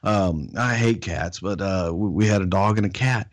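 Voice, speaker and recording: A middle-aged man telling wrestling stories on a podcast in a casual, animated way. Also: moderate pace, no echo. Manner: animated, jumps into high impressions of others. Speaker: guest, wrestling personality.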